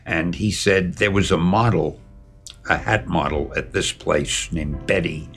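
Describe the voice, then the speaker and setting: An older man being interviewed, telling stories from his life in an animated, lively way and acting out the dialogue. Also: deep voice, unhurried, soft background music. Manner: animated, lively storyteller who acts out dialogue. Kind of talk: storytelling interview.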